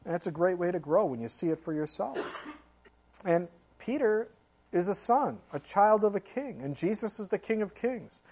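A man's voice: high-pitched, expressive, moderate pace, a little mellow, breathy edge, lo-fi sound. A man preaching a sermon as pastor, talking in an earnest, conversational way with many fillers.

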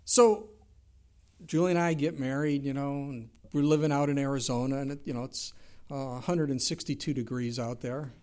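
A middle-aged man preaching a sermon, telling stories in an animated way and jumping his voice up for quoted lines. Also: mid-range voice, moderate pace. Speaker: pastor.

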